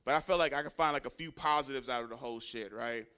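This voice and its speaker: A man doing a stand-up set, telling stories loudly with shouted punchlines and dropping into low, mumbled voices for the people in them. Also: fast talker, clean tone. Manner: loud, animated storytelling with shouted punchlines; swears a lot, drops into low mumbling voices for characters. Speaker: stand-up comedian. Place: comedy club stage.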